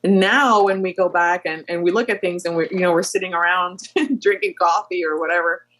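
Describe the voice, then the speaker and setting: A woman airline captain in her thirties tells her story as a podcast guest. Her voice sits on the low side. She talks in an animated way, with plenty of fillers as she goes. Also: a little fast. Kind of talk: storytelling interview chat.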